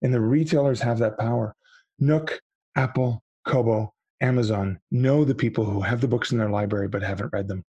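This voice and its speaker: A man talking casually as a podcast guest about book publishing, animated and fond of acting out little quoted voices. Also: mid-range voice, a little fast, husky, no echo, highs cut off. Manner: animated, acts out quoted voices, frequent restarts.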